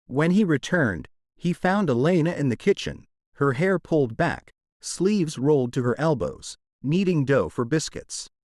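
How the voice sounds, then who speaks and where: A man narrating a romance audiobook in a dramatic, expressive storytelling manner. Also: a little high, measured pace, no room sound, clean studio sound.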